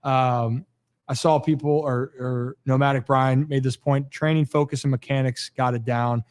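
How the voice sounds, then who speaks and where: A podcast host signs off a sports talk livestream casually, chatty and rambling with restarts and fillers, and out of breath at the end of a long day. His mid-range voice has a darkish tone, fairly even intonation and normal speed.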